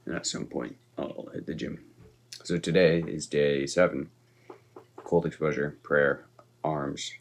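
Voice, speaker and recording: A man's voice: extremely low pitch, creaky, a little hiss or hum. A man vlogging in a casual, upbeat way, talking straight to his viewers. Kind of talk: casual vlog chat.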